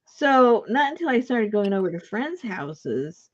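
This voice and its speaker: A woman's voice: a little high, sing-song, a little slow, dull audio. A woman telling a story in a casual chat, laughing often and acting out the voices in her quotes. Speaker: craft video host.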